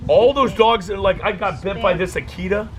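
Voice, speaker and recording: A man leading a dog-training workshop, telling jokey stories in a casual, animated way. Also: high-pitched, moderate pace, crowd noise, poor audio. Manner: animated, joking storyteller. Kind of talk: casual workshop talk with anecdotes.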